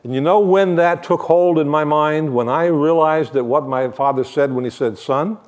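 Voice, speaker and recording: A man's voice: a little high, normal speed, darkish tone. An older man giving a sermon as a guest preacher, talking in a conversational way with joking asides while he shows shepherd props.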